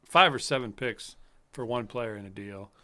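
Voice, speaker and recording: A man's voice: mid-range voice, moderate pace, pushed and bright. A man co-hosting a podcast, chiming in with questions, jokes and puns. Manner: joking interjections and puns. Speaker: podcast co-host. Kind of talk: casual sports chat.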